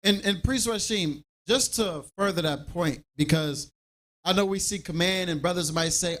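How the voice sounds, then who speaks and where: A man leading a scripture class in an animated preaching style, acting out everyday dialogue to make his points. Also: high voice, normal speed.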